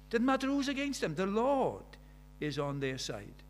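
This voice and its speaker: A man's voice: high-pitched, huge pitch swings, moderate pace, slight background noise. An older man, preaching a sermon in a conversational way, full of rhetorical questions.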